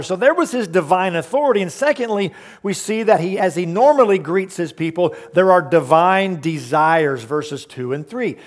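A man's voice: high voice, lively intonation, normal speed. A man preaching a sermon, emphatic, asking the congregation rhetorical questions and explaining verses. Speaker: pastor.

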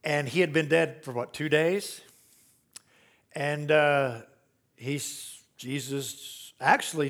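A man preaching a sermon, telling stories and acting out quotes, swinging from loud rising emphasis to very soft low tones. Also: creaky. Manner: storytelling preacher who acts out quotes. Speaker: pastor.

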